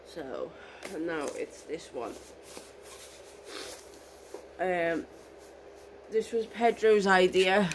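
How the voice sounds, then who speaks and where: A woman with a hoarse voice, gushing excitedly and emotionally in a casual unboxing vlog. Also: lowish voice, extremely slow, long pauses, background noise. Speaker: vlogger.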